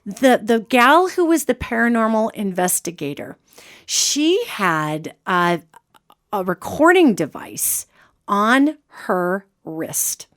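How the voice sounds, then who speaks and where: A woman's voice: mid-range voice, dry recording. Chatty woman podcast host, dry sound. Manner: lively, chatty, instructive. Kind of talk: casual advice talk.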